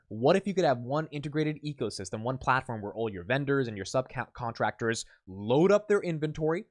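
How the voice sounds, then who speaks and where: Male host, solo investing commentary, energetic explainer, average pitch, dry recording. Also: brisk, few pauses, no room sound. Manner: energetic, explanatory, talks to the viewer directly. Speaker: host of a daily stock analysis show.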